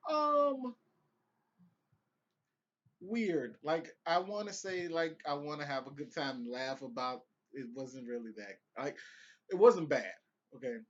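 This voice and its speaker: A man's voice: a little high, lively intonation, unhurried, pauses often, muffled recording. A young man giving casual, profane, rambling commentary on a TV episode he just watched, with laughing asides. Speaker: vlogger reviewing a TV episode.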